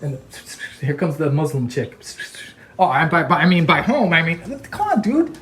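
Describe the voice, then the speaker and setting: A man arguing heatedly on a call, ranting and mocking others in quick impressions. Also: on the high side, sing-song, a bit bright, slight background noise. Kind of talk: heated phone argument.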